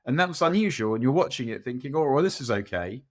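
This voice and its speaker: A man with a mid-range voice talks quickly and with animation while co-hosting a football podcast. His casual football chat rambles, pokes fun at himself, and restarts often.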